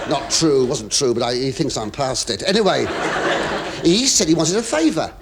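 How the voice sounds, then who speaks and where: An English comedian hosting a radio show, telling a rambling monologue full of stammers, asides and confiding remarks to the audience. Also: male voice, fairly high pitch, sing-song, normal speed. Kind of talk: stand-up comic monologue to a studio audience. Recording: hissy 1970s radio recording.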